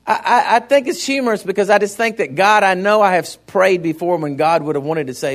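A man's voice: high voice, fairly quick, few pauses. A man preaching a sermon in a folksy, conversational way, often turning to the congregation with asides.

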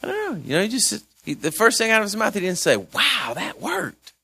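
A man preaching a chatty Bible-study sermon, swinging between loud and hushed. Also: high voice, huge pitch swings, fast, gravelly, breathy edge.

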